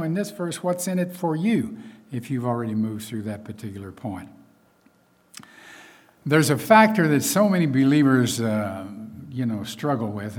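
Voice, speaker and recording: A man's voice: medium pitch, darkish tone. A man preaching a sermon in a conversational way, with frequent asides and fillers.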